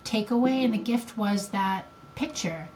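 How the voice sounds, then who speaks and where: A woman's voice: medium pitch, unhurried, darkish tone, a little hiss or hum. An older woman co-hosting a podcast, telling a family story in a rambling, emotional way. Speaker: podcast co-host. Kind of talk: casual chat.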